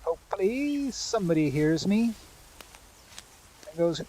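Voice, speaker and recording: A man's voice: a little high, normal speed, a little hiss or hum, rough recording. A man streaming live, chatting and explaining the game as he plays. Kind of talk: live gameplay commentary.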